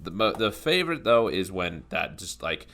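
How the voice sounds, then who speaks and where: A man's voice: deep voice, very animated, sharp tone. A young man co-hosting a podcast, chatting casually and analytically about a movie, with a lot of "like". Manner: analytical, fills pauses with "like". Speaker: podcast co-host.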